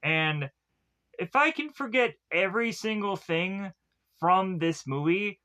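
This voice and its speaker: A man's voice: high-pitched, animated, takes it slowly, pushed and bright. A man giving a casual spoken film review, retelling the plot in a rambling way with lots of fillers and restarts.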